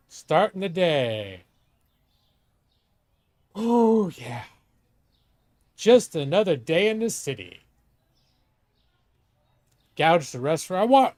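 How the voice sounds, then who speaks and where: A man's voice: a little high, no echo. A middle-aged man streaming a game live, chatting casually with lots of swearing and asides to a co-host. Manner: chatty, profane, talks to himself and a co-host. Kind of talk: live gameplay commentary.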